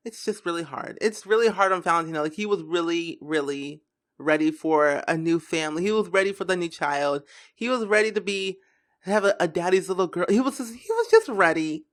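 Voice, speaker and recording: Casual game commentary voice, mid pitch, keeps saying like and restarting. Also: brisk. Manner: rambling, filler-heavy, frequent restarts. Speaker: gameplay commentator.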